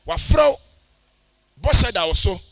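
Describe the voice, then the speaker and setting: A man's voice: very high-pitched, very animated, unhurried, creaky, a bit bright. A male pastor with a Ghanaian accent, preaching a sermon in a sing-song cadence and mixing English with Twi.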